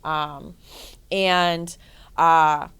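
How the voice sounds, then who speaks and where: Brief: lower-pitched woman guest, fitness coach, lively and profane, chatty storytelling. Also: extremely slow, clean tone. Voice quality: profane, energetic, frequent "right?" and "like". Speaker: guest, bodybuilding and life coach. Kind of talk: casual storytelling interview.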